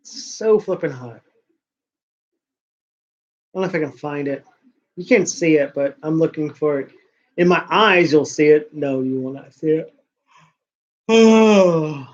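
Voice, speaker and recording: A man's voice: on the high side, steady tone, moderate pace. A man hosting a casual talk show, ranting and rambling with lots of swearing. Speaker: podcast host. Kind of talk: casual rant. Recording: dull lo-fi sound.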